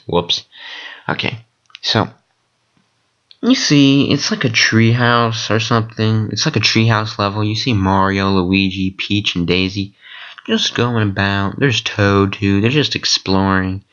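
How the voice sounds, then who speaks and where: A man telling a rambling story in casual vlog style, excitable and profane, with lots of fillers. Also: on the low side, dull audio. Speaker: vlogger recounting dreams.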